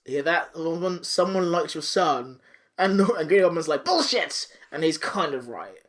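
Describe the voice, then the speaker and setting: A man's voice: on the high side, expressive, normal speed. A man hosting a podcast, casually recapping a cartoon episode with silly voices and swearing. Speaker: podcast host.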